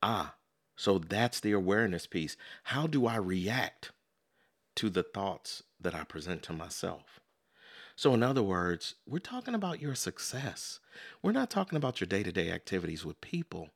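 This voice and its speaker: A man with a low, gravelly voice delivers a motivational self-help monologue on his podcast. His pitch swings lively up and down as he talks casually, peppering it with "you know" and "so in other words.". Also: normal speed. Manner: acts out everyday quotes in lively voices. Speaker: podcast host.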